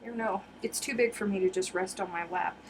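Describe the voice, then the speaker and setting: A woman hosting a live craft stream, chatting with viewers as she unboxes, excitable and giggly, often calling out to "you guys.". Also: medium pitch, a little fast, slight background noise. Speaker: crochet livestream host.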